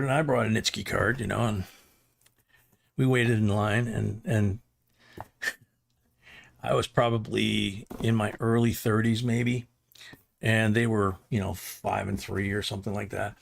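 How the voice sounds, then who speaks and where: A man's voice: fairly low pitch, steady tone, measured pace, gravelly, long pauses. A middle-aged man hosting a livestream, rambling through a casual anecdote with chuckles. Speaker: livestream host.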